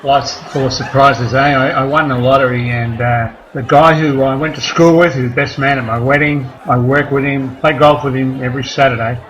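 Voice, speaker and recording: A man performing a stand-up comedy set, rambling between deadpan one-liners and crude asides. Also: medium pitch, moderate pace, few pauses, muffled recording. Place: comedy club stage. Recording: live club recording with crowd noise. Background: audience laughter and room noise.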